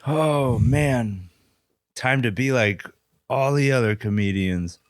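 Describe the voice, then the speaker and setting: A man's voice: medium pitch, slow pace. A man co-hosting a casual podcast, reacting to stories with groans and laughter. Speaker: podcast co-host. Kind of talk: casual chat.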